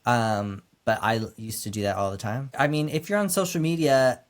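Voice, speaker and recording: A man co-hosting a book podcast, talking in a relaxed, casual way with lots of filler words. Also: mid-range voice, moderate pace. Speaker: podcast co-host.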